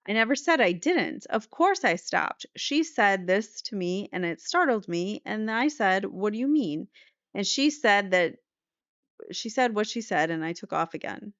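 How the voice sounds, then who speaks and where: A woman voicing a young male defendant, answering cross-examination in a halting, defensive way. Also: mid-range voice, expressive, fairly bright tone, no room sound. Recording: slightly muffled dry recording.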